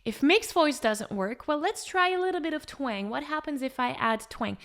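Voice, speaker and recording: A woman vocal coach explaining pitch step by step in an encouraging way, with short sung demonstrations. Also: expressive, moderate pace, fairly bright tone. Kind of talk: singing lesson with sung demonstrations.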